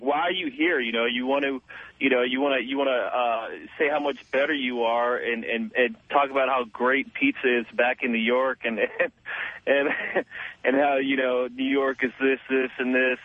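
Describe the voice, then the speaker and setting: A man's voice: mid-range voice, dry recording. Rambling male caller on a tinny phone line. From Los Angeles. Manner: rambling, full of fillers and restarts, blunt. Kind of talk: call-in talk radio. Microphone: telephone.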